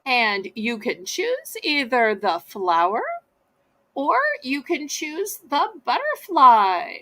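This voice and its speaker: High, lively woman auctioneer. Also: no room sound. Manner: chatty, folksy, drawn-out sales patter. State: losing her voice. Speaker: live online auction host. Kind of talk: live-stream selling chat.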